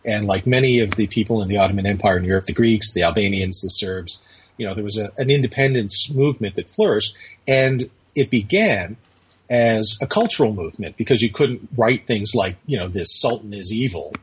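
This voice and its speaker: Over dull lo-fi audio, a man with a lowish, husky, expressive voice speaks briskly as a podcast guest. He rambles through a long anecdote, hesitating often, in relaxed storytelling talk.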